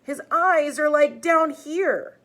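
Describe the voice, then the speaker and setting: A woman's voice: sits high, fairly even intonation, takes it slowly, fairly bright tone, voice pushed up. A woman voicing a defensive middle-school boy who insists and argues with growing agitation. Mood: insistent.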